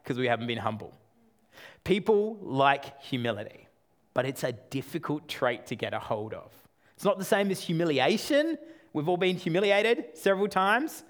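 An Australian man in his thirties preaching a sermon with self-deprecating humor, swinging between loud and quiet delivery. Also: on the high side, big pitch swings, moderate pace. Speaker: pastor.

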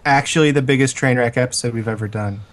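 A man's voice: mid-range voice, quick pace. A man on a podcast, teasing in casual chat with stammering restarts.

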